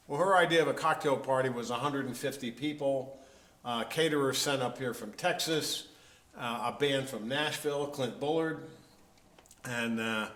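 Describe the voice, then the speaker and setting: A man's voice: medium pitch, a bit bright. Wry storytelling man in a roomy echo. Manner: wry, self-deprecating humor. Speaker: interviewed musician. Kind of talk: casual anecdotal storytelling. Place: event venue, indoors. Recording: roomy echo, faint background noise.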